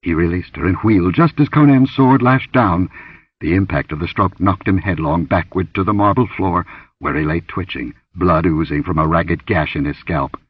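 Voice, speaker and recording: A man narrating a fantasy adventure audiobook in a dramatic, expressive reading. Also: sits low, moderate pace, breathy edge, no room sound, distant mic, dull audio. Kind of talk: scripted narration.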